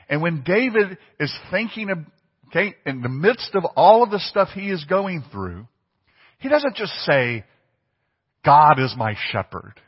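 Pastor, man, slightly high husky voice, chatty sermon style with questions to the pews, long-reverb church room. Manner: conversational preaching, asks the congregation questions. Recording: long reverb, dull lo-fi sound.

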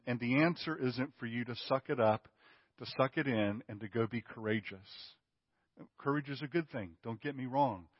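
A man's voice: mid-range voice, no room sound, long reverb tail, highs cut off. A man preaching a sermon in an emphatic, conversational way, often checking in with his listeners. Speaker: pastor.

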